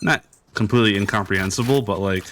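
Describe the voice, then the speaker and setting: A man's voice: on the low side, fast talker, fairly bright tone, slight background noise. A young man streamer chatting casually while he plays, rambling and hesitant with lots of fillers. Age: young adult. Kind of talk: casual chat while gaming.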